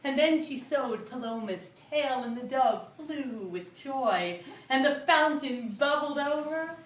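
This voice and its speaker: A woman telling a folk tale live to an audience, with a rhythmic, repetitive, expressive delivery. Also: sits high, slow pace. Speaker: storyteller. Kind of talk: live oral storytelling. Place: storytelling venue before an audience. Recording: roomy live room from a distance.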